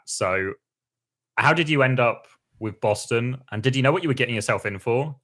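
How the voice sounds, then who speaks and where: Bright-voiced podcast host. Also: male voice, mid-range voice, normal speed. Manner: acts out quotes in his stories. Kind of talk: casual chat.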